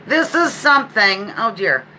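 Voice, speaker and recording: A woman hosts a relaxed live-stream quiz, chatting between questions and tossing off playful asides as she reads the clues aloud. Her voice is bright and forward, with faint noise in the background. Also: mid-range voice, a little slow, poor audio. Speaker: livestream trivia host.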